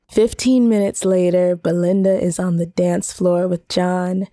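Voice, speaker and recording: A woman reads a first-person romance story in a slow, intimate, soft-spoken manner. Her voice is low-pitched and mellow, recorded close and dry with no room sound. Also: flat delivery, dry recording. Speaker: audiobook narrator.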